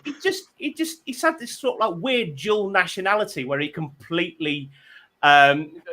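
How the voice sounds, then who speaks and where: Bright, animated male comedy host. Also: fairly high pitch. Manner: rambling, self-deprecating storytelling with stammered restarts. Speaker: comedy panel show host. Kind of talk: hosting a comedy panel show.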